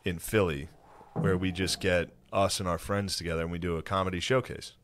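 A young man co-hosting a casual podcast, excitable, with sudden loud high-pitched bursts when telling stories. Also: fairly quick, slight background noise. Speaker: podcast co-host, comedian.

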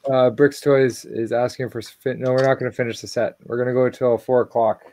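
A man's voice: medium pitch, level tone, fairly quick, dark tone. A man co-hosting a livestream, chatting easily and reading viewer comments as he builds. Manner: easygoing, reads viewer comments aloud. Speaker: livestream co-host. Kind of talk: casual chat during a toy build.

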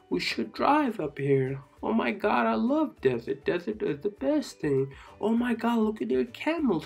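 An excitable narrator of a kids' cartoon who keeps repeating short phrases in a chanting way. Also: medium pitch, creaky, husky.

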